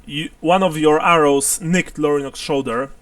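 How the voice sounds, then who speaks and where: A man's voice: on the high side, steady tone, normal speed, fairly bright tone, recorded from a distance, slight background noise. A man narrating and explaining rules as game master of a tabletop game, laughing often.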